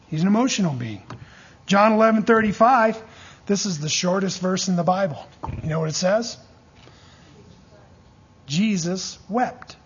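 Male preacher, very husky and breathy tone, fairly high voice, lively call-and-response delivery, dull lo-fi recording. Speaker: pastor teaching a church class. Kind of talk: sermon.

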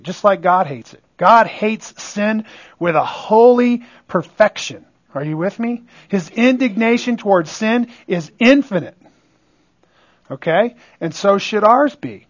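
A man's voice: sits high, lo-fi sound. A man preaching a sermon as pastor, emphatic, often asking his listeners if they are with him. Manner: call-and-response, asks "are you with me?"; emphatic, swings between loud stresses and quiet asides.

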